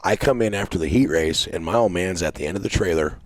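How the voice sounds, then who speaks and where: A middle-aged man with a very deep, low voice chats casually about his racing. He is animated and profane and acts out the quotes in his stories. The recording is dry and close, with no room sound. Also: quick pace, no room sound. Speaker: race car driver, podcast guest. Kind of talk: casual storytelling chat.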